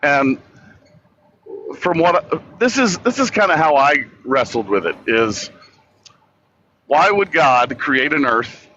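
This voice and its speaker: A man debating as a guest, halting and thinking aloud with frequent restarts. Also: on the high side, sing-song, pushed and bright, highs cut off, a little hiss or hum. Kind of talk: casual debate chat.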